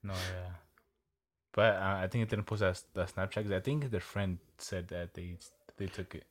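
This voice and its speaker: Ein junger Mann im lockeren Gespräch, der neckt und Witze reißt. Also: male voice, low voice, steady tone, moderate pace. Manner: teasing, joking banter. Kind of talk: casual chat.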